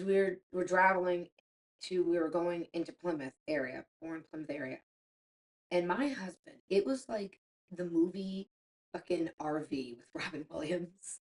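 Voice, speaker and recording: A middle-aged woman co-hosting a podcast, telling stories in casual chat, animated and swearing freely as she acts out quotes. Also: on the low side. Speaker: podcast co-host.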